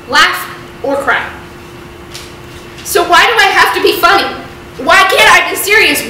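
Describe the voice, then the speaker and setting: A seventeen-year-old girl performing a one-woman comedy show, ranting in an exasperated, self-mocking way. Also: very high voice. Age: teens. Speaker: solo stage performer. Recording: echoey hall from far off, loud noise.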